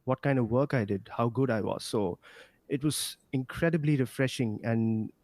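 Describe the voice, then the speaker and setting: A man's voice: mid-range voice, moderate pace, darkish tone, no echo. A man who is a guest on a podcast, talking casually and with a playful, joking manner. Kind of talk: casual interview chat.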